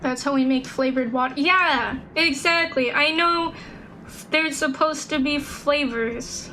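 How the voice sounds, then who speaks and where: A woman's voice: high-pitched, measured pace, slight background noise, low-quality recording. A woman streaming a game, chatting casually, rambling and cursing at the game when it goes wrong. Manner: excitable, swears at the game, rambles. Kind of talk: casual gaming commentary.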